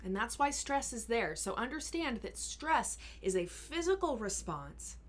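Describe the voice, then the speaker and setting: A woman health coach answering questions in a live Q&A. She talks in an earnest, encouraging way, explains things step by step, and sometimes slows down and softens her voice to show calm speaking. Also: a little high. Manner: sometimes drops to a slow, soft voice to model calm speaking. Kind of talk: live Q&A advice talk.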